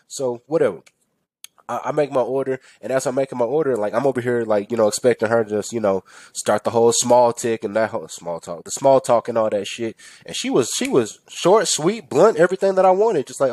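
A man's voice: medium pitch, fairly quick, a little mellow, no room sound. A man hosting a podcast, telling a rambling, profane story in a casual monologue and acting out his own irritated thoughts. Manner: profane, rambling, venting with mock-quoted rants. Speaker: podcast host.

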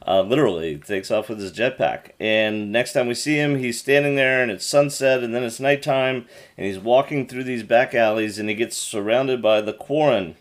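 Animated man recapping a show. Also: medium pitch, normal speed. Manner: retells scenes with quoted lines, animated and jokey. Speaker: podcast co-host. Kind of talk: casual recap chat.

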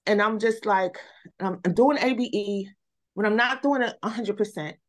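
A woman guest on a podcast, telling her story in casual chat with animated energy, repeating words and saying "y'all". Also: medium pitch, moderate pace.

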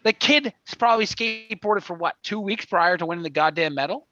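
A man co-hosting a casual podcast over a video call, prone to loud, profane rants. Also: high voice, brisk, dry recording, lo-fi sound. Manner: swearing rant, loud and exasperated. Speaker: podcast co-host. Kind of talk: casual chat. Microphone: home mic on a video call.

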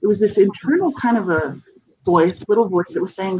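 A middle-aged guest author giving a personal testimony in an interview, earnest and halting, with many restarts. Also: mid-range voice, slight background noise, rough recording.

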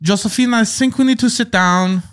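A man's voice: sits high, moderate pace, fairly bright tone, pitched above the performer's own voice. A man hamming up a blustering French emperor. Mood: pompous. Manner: bad mock French accent that slips into German.

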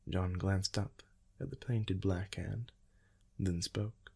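Man, audiobook narrator, low pitch, husky, steady measured reading. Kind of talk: first-person fiction narration.

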